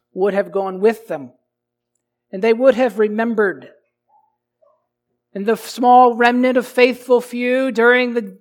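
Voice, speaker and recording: A male pastor delivering a sermon, asking the congregation rhetorical questions and swinging between loud emphasis and quiet, low lines.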